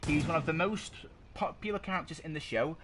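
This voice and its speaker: On a casual podcast, a male co-host with a slightly high, fairly quick voice argues his opinions in a rambling way, often pausing to find words. He speaks into a desk microphone, and the amateur recording is noisy.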